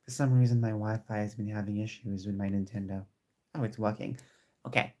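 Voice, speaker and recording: Chatty, excitable man vlogging at home. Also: fairly low pitch, brisk. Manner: chatty and excitable, with many restarts. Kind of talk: casual chat to camera. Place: home room with squeaky chairs.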